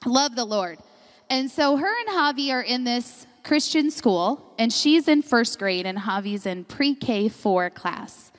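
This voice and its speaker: A middle-aged woman pastor preaching a sermon, telling personal stories in an animated way and often laughing as she talks. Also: fairly high pitch, slow. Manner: animated storyteller, laughs often mid-sentence. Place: church sanctuary. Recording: long reverb of a large hall.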